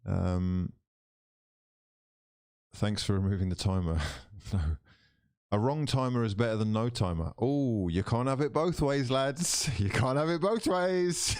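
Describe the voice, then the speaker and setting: Hosting a live football watchalong, a man with a lowish voice flips between parody commentary and sudden loud, excited shouts. The audio is studio quality, without any room sound.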